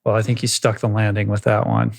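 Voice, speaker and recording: Podcast host guy, gravelly voice, dry close sound, nodding along. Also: fairly low pitch, steady tone, fast, no echo. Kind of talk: interview chat.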